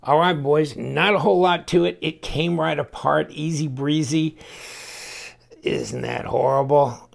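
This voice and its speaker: Man, knife reviewer, gravelly voice, slightly high pitch, folksy and chatty while tinkering. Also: moderate pace. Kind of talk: casual hands-on review.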